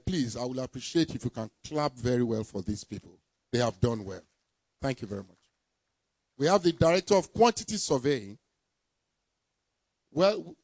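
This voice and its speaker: A man giving a formal ceremony speech, deliberately reading out names and titles. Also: medium pitch, a little mellow, dry recording. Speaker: permanent secretary presenting a project team.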